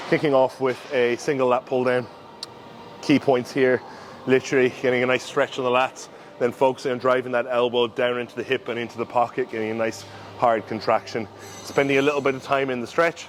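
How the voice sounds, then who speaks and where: A man giving casual, instructive commentary during his own gym workout, talking through form cues in a relaxed way. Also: medium pitch, a little hiss or hum. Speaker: bodybuilder and coach. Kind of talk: casual training vlog commentary.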